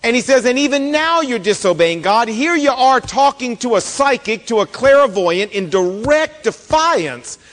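A man preaching a sermon, retelling a Bible story with expressive delivery and acted-out quotes. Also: very high voice, measured pace, few pauses, in a large hall. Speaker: pastor.

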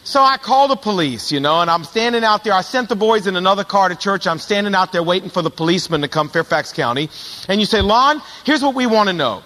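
High bright voice, middle-aged guy preaching, acts out all the voices in his stories, big echoey church hall. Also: fast talker. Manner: animated storyteller acting out quoted voices. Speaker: pastor. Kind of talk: sermon storytelling.

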